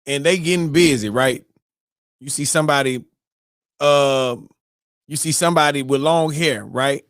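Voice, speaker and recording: Excitable man telling a story, dry close sound. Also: a little high, measured pace, no room sound. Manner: excitable, exclaims and mimics his own reactions. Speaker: morning show host. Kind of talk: animated casual storytelling.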